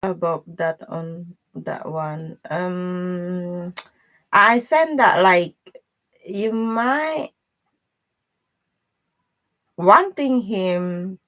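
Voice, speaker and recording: A woman's voice: lowish voice, very slow, pauses often, fairly bright tone. Blunt, chatty woman tarot reader. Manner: blunt, chatty, laughs often, loose broken grammar. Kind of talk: live-stream tarot reading, casual chat.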